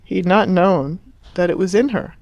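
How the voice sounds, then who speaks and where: A woman narrating an audiobook in a measured, expressive reading voice. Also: fairly low pitch, no room sound, dull audio. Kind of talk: scripted narration.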